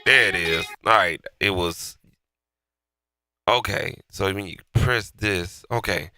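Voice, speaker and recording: A man's voice: sits low, takes it slowly, sharp tone, no echo, faint music behind. A man with a stuffy nose from being sick, giving a casual, slangy walkthrough of a beat mix and talking to himself as he works. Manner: loose and slangy, talking to himself while working. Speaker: beat maker walking through a mix. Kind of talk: casual mixing tutorial.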